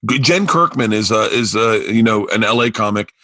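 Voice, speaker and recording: A middle-aged podcast host tells stories in a casual chat, animated and swearing a lot as he acts out what people said. His voice runs on the low side, a little fast, with no echo.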